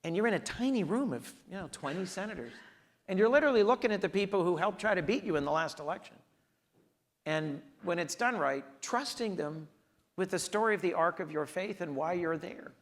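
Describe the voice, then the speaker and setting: Earnest senator telling stories, fairly high. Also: male voice, animated, brisk. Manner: earnest, storytelling, emphatic. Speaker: US senator, interview guest. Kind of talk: onstage conversation.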